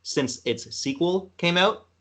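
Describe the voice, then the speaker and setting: A man's voice: high-pitched, slow pace, fairly bright tone. A man from Canada hosting a podcast, rambling through a film retelling in casual chat. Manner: rambling, retells film scenes with acted quotes. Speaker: podcast host.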